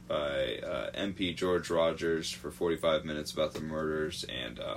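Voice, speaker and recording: Male podcast host, very low voice, loose halting true-crime narration. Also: gravelly, fairly bright tone, a little hiss or hum. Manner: halting, many fillers, swears freely.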